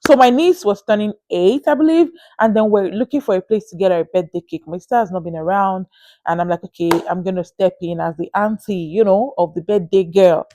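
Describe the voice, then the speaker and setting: A young Nigerian woman with a Nigerian accent, telling a story to camera in a casual, animated and exasperated way, with sighing asides. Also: medium pitch, fairly quick. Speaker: vlogger.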